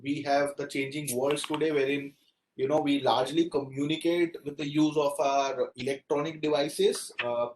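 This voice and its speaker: A man's voice: fairly high pitch, steady tone, normal speed, a little hiss or hum, poor audio. A man with an Indian accent giving a classroom lecture, acting out example phrases and switching into Hindi now and then.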